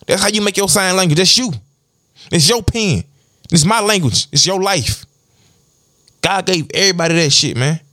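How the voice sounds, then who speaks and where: A man's voice: high voice, bright, forceful tone, no room sound, clean studio sound. A man hosting a podcast, giving a blunt, profanity-heavy motivational monologue. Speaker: podcast host.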